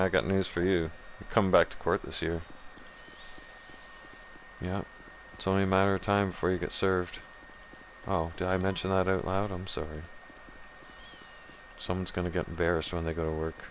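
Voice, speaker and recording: Over background noise, a man with a low, flat voice streams a game at a moderate pace. He rants with plenty of profanity in casual chat, addressing his viewers directly.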